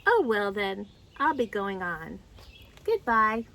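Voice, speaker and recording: A woman voicing a simple-minded, honey-loving male teddy bear in a high, gentle, wondering voice. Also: sing-song, slow pace, a little hiss or hum, heavily acted.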